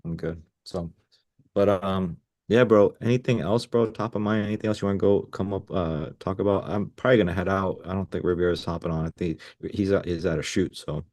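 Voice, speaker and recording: A man's voice: low voice, fairly even intonation, a little fast, a little mellow. A man from India coaching a client over a video call, laid-back and casual, saying "bro" often and swearing lightly. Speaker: business coach.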